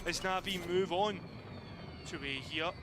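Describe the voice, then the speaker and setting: A man giving measured, explanatory color commentary on an esports match. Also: sits high, over a noisy crowd. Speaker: analyst caster.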